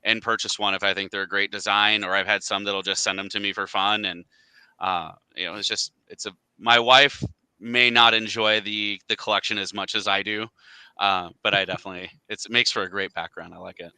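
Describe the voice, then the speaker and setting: Bright, crisp-voiced man on a call. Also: lowish voice, a little fast, dry recording. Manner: relaxed, chatty, laughs easily. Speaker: guest, scarf company representative. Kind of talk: casual video call chat.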